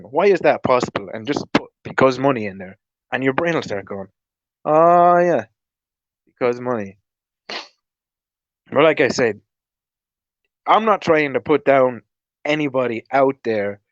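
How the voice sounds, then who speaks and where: A man's voice: medium pitch, no echo, muffled recording. A man vlogging an angry, rambling monologue, swearing often and restarting his sentences. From Ireland. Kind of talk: ranting monologue.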